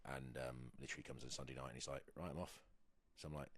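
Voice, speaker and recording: A man's voice: rumbling low, level tone, racing, a bit bright, no echo. An English rugby player in his thirties, chatting on a podcast in a rambling, hesitant way with lots of fillers and restarts. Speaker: guest, professional rugby player. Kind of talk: casual podcast chat.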